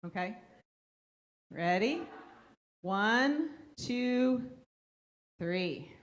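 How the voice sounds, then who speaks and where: A woman's voice: fairly high pitch, expressive, very slow. Chatty woman leading a parent workshop. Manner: conversational, checks in with "okay?" often; acts out quoted voices of kids and parents. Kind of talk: interactive parent workshop talk. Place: school meeting room with an audience.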